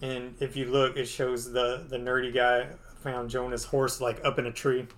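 A man's voice: mid-range voice, level tone, normal speed, fairly bright tone. A man co-hosting a podcast, casually retelling a comic book story. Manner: casual, filler-heavy, playful. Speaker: podcast co-host.

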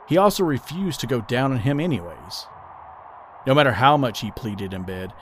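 A man narrating a scripted story in an even, steady reading voice. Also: mid-range voice, slight background noise.

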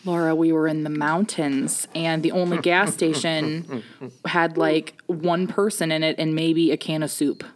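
A woman telling a comic story in casual chat, animated and self-mocking, often laughing between lines. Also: sits low, unhurried, a crowd in the background.

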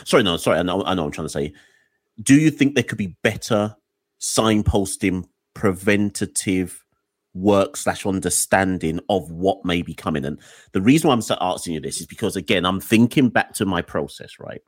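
A man's voice: deep voice, lively intonation, normal speed, no room sound. A man hosting an interview podcast, thinking aloud as he works out his questions and often restarting them. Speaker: podcast host. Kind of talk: conversational interview.

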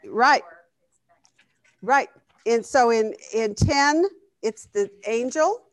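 A woman's voice: fairly high pitch, extremely slow, no room sound. A woman teaching a Bible study class in a conversational way, often asking the group questions. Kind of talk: interactive Bible lesson.

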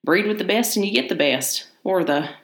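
A woman's voice: medium pitch, expressive, normal speed, reverberant, close to an everyday voice. A woman reading as a sly, taunting old spider breeder. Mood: boastful. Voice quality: taunting, mocking drawl.

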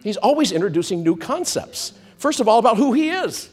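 A man preaching a sermon to a church congregation, animated, swinging from loud comic outbursts to soft hushed storytelling. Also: high-pitched, fairly quick.

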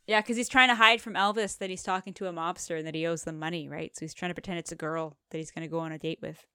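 Smooth-voiced woman, wry podcast banter. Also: fairly low pitch, steady tone, fast talker, sharp tone, no echo, studio quality. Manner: wry, joking, lots of agreeing interjections. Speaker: podcast co-host. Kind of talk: casual movie recap chat.

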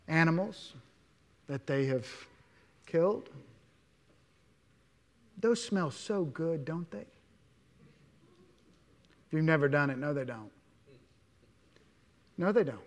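A male pastor delivers a sermon in a church, his voice sitting a little high for a man. He punches key words, then falls to near-whispers and asks his listeners many questions. The sound rings with a long hall reverb. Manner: emphatic, swings between loud stresses and hushed asides, many rhetorical questions.

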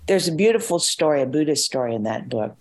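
A woman's voice: deep voice, big pitch swings, quick pace, darkish tone, rough recording. An older woman, an author being interviewed, talking in a thoughtful, reflective way and repeating words as she gathers her thoughts. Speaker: author and guest.

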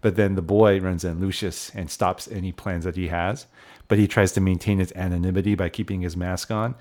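Brief: man, 40s, very low voice, relaxed podcast host steering a movie talk. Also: brisk. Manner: steers the talk, hands off questions. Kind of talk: casual film review chat.

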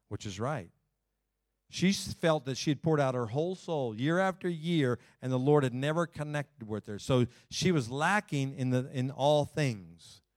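A male pastor preaching a sermon in a conversational way, swinging between emphatic lines and hushed, quiet ones. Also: mid-range voice, no echo, studio quality.

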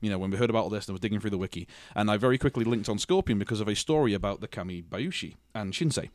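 Man, podcast co-host, rapid delivery, dry close sound, casual storytelling. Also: fairly low pitch, animated, a little mellow, dry recording. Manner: rambling storyteller, self-deprecating jokes. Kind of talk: casual chat.

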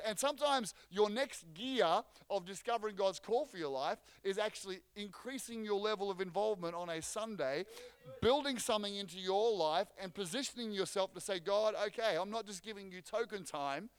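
High, ringing-voiced pastor preaching. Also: male voice, brisk, clear, resonant tone, no echo. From Australia. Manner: energetic, joking, frequent restarts. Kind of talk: sermon.

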